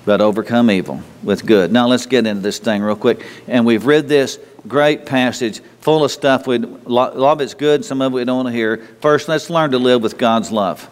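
A man speaks to his congregation in a relaxed, conversational sermon, often repeating words and asking rhetorical questions. His mid-range voice moves at a moderate pace with few pauses, and the church sanctuary adds long hall reverb.

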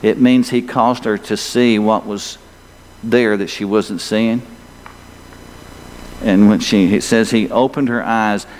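A man's voice: on the low side, steady tone, slow pace, pauses often. A male pastor preaching a sermon, emphatic and full of rhetorical questions for the congregation. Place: church sanctuary. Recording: long hall reverb.

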